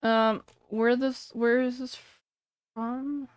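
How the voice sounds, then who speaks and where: A woman's voice: a little high, level tone, slow, clean tone, no echo, clean studio sound. A woman in her thirties reacting on a live stream, thinking aloud in a chatty way with many fillers and self-corrections. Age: 30s. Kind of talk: casual live-stream commentary.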